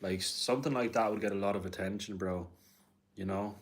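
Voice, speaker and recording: A man's voice: fairly low pitch, fairly even intonation, brisk. A man chatting casually on his livestream, laid-back and laughing, tacking "bro" onto most of his sentences. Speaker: livestream host.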